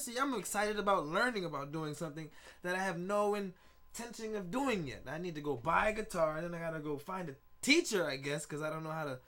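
A man, hosting a casual solo podcast in a loose, rambling, excitable way, swearing often. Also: high-pitched, fairly quick. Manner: rambling, loose and excitable, with frequent profanity and laughs. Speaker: podcast host.

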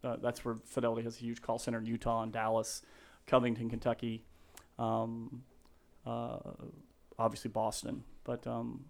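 A man in his fifties telling stories in a casual interview, rambling and animated, acting out quotes in a high yell. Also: moderate pace, creaky. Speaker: guest.

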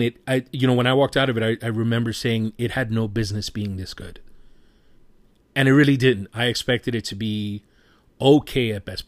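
A man's voice: mid-range voice, dry recording. A man giving a casual spoken movie review, passionate and rambling, who swears freely.

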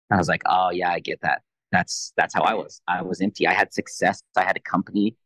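A man in his thirties with a fairly low voice tells a personal faith testimony on a podcast. He retells a conversation in a quick, animated way, playing out both sides. The sound is dry and close to the mic. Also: dry recording, poor audio. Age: 30s. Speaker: Christian leader, podcast guest.

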